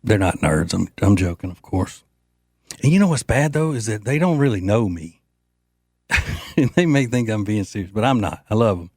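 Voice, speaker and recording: A man's voice: lowish voice, lively intonation, normal speed, breathy edge, no echo. A man hosting a political talk show, delivering a brash, joking, rambling monologue with frequent fillers into a studio microphone. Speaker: host.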